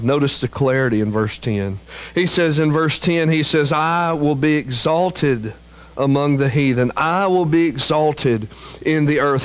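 Slow, emphatic preaching man. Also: rough recording. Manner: slow, emphatic preaching that climbs in pitch and force at peaks; drops to a low, quiet voice on key phrases. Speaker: pastor. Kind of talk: sermon.

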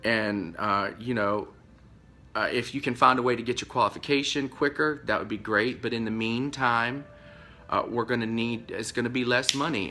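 A man telling a story to his camera in a casual rant, rambling and acting out both sides of a conversation, his pitch jumping up when he gets upset. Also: fairly even intonation, normal speed, sharp tone, slight background noise. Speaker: vlogger telling of being fired.

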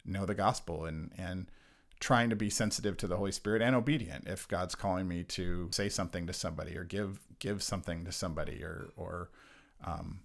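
A man co-hosting a church Bible discussion, talking in an earnest, halting way with many restarts. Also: low-pitched, creaky. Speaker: church podcast co-host. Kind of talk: casual reflective Bible discussion.

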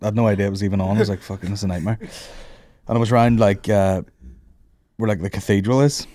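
A man's voice: fairly low pitch, fairly even intonation, quick pace, warm tone, no room sound, studio quality. A man, hosting a casual comedy podcast, swearing and laughing through anecdotes. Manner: swears freely, laughs often, tells anecdotes. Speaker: podcast host.

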